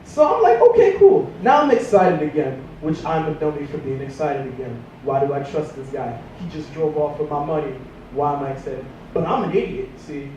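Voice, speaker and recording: A young man doing a stand-up routine, telling a rambling, self-mocking story and jumping into squeaky voices for the characters. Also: fairly even intonation, fairly quick, few pauses, noisy background. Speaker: stand-up comedian. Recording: echoey room, distant mic.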